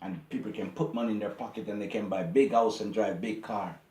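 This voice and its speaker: A man's voice: lowish voice, fairly even intonation, brisk, darkish tone, reverberant. A man hosting his own channel, talking straight to his viewers in a casual, indignant monologue that repeats itself. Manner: indignant, preachy, repeats himself. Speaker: YouTube channel host.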